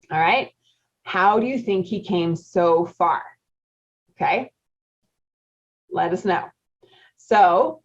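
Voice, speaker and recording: Chatty woman coach, lo-fi sound. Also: fairly low pitch. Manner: chatty, laughs often, quizzes the audience. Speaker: marriage coach. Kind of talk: live webinar coaching talk. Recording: dull lo-fi audio.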